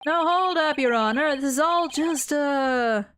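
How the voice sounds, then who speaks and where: Glib, cocky male witness in a courtroom game, read by a woman, high and bouncy, overfamiliar charm. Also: measured pace, fairly bright tone, dry recording, clean studio sound. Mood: smug. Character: brash smooth-talking male witness, adult.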